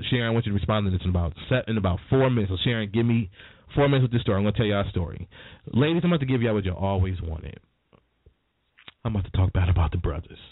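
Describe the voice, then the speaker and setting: A man hosting a morning radio show, telling stories in a chatty, animated way and laughing along. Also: on the low side, no room sound. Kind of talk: casual radio talk and storytelling. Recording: dry, tinny phone-like sound.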